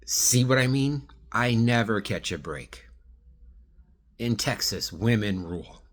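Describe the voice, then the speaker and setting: A man speaking slowly in a fairly low voice with lively intonation pleads directly with one absent person in a video monologue. His delivery rambles, with restarts and trailing sentences.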